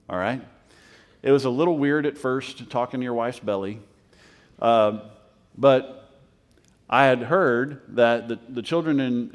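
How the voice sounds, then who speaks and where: A man's voice: medium pitch, in a large hall. A man preaching a conversational sermon as pastor, with emphatic repetition and frequent check-ins with the congregation. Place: church sanctuary.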